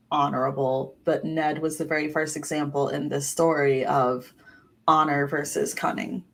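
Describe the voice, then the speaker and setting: A woman co-hosting a casual chat, speaking in a measured, thoughtful way with frequent restarts. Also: sits low, gravelly. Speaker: podcast co-host.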